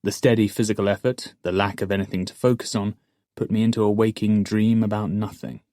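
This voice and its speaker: Low-voiced male audiobook narrator. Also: fairly even intonation, a little fast, mellow, dry recording, studio quality. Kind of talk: scripted first-person narration.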